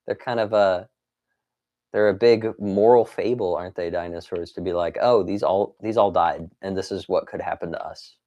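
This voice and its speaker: A man's voice: low-pitched, steady tone, moderate pace, dark tone, muffled recording. A young man chatting casually on a live stream, rambling with lots of fillers and laughing as he reads viewer comments. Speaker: toy collector streamer.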